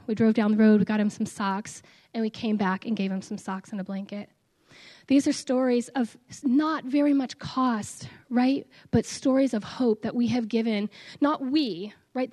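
A middle-aged woman giving an earnest, halting testimony to a church congregation, with many fillers. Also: on the high side, warm tone. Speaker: church speaker.

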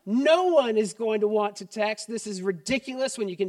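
A middle-aged man preaching a sermon as pastor, conversational and joking, turning quiet and earnest. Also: sits high, animated, moderate pace, hardly any pauses, no room sound, far from the mic.

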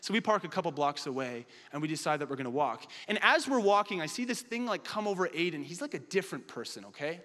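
High, bright-voiced animated preacher. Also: male voice, quick pace, hardly any pauses, in a large hall. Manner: animated, comic storyteller. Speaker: pastor. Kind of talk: storytelling sermon.

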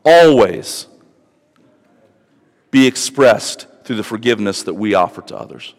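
A pastor giving a conversational sermon that builds to emphatic, rising passages. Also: male voice, fairly low pitch, a little fast, in a large hall.

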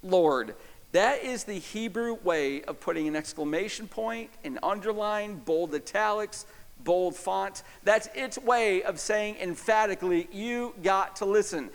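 A man with a high, bright-toned voice delivers a sermon as pastor, pressing his points with emphasis. He swings from loud, stressed phrases down to hushed, close appeals. His voice rings out with a long hall reverb around it. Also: unhurried, vocal fry.

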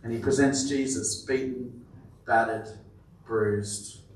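A man preaching a sermon, emphatic and repeating his words, often dropping to a quiet, stressed delivery. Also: medium pitch, steady tone, slow. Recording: very echoey room, voice from a distance.

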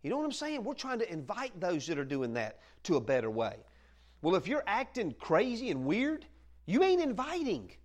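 A man preaching in a loose, folksy way, his voice sitting a touch higher than most men's. He keeps it lively and conversational, moving between plain teaching and playful asides to the room. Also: normal speed. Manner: folksy and animated, acts out quoted voices, laughs often. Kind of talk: conversational sermon. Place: church meeting room with listeners.

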